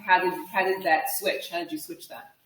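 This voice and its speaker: A man's voice: high voice, flat delivery, brisk, fairly bright tone, reverberant, far from the mic, low-quality recording. A man interviewing a guest, asking short follow-up questions and reading out questions.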